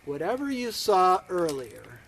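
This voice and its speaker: A man, a rabbi, telling a story to students in a dramatic, expressive way. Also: high voice, a little slow, creaky, a little hiss or hum.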